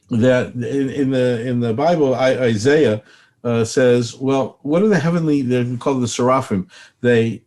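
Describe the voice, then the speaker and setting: A man's voice: medium pitch, darkish tone. Older man, rabbi, spiritual teacher, interview, earnest, preacherly, repeats phrases.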